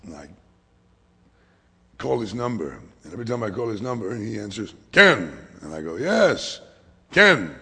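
A man preaching a sermon as pastor, swinging from hushed whispers to loud, emphatic lines. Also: lowish voice, lively intonation, a little fast, creaky, long pauses, husky. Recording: long hall reverb.

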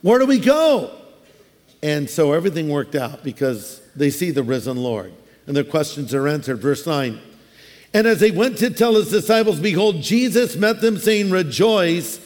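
A high-voiced man preaching a sermon, telling stories casually and dropping in playful jokes. His words ring out with a long reverb, as in a big church hall. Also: very animated, moderate pace, darkish tone. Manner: conversational storytelling with humorous asides. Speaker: pastor.

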